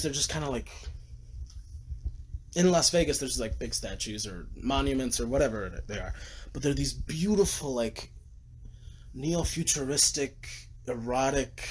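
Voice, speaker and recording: Rambling, excitable man gushing about movies. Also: husky. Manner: rambling and gushing, excitable, swearing, trailing into whispers. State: tired from little sleep. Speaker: vlogger. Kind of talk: casual livestream rant about movies. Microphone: phone camera. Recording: faint background noise, low-quality phone livestream.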